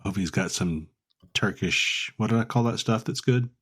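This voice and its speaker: A man's voice: on the low side, moderate pace, fairly bright tone, slightly rough. A man hosting a casual podcast, rambling and joking between ad plugs. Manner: rambling, jokey, reads ad plugs. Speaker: podcast host.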